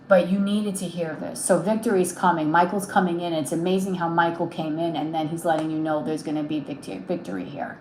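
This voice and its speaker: A woman's voice: lowish voice, fairly even intonation, fairly quick, hardly any pauses, darkish tone, echoey room, slight background noise, poor audio. A woman giving a live tarot reading, speaking in a soothing, reassuring way and often checking in with "okay?". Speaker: tarot reader.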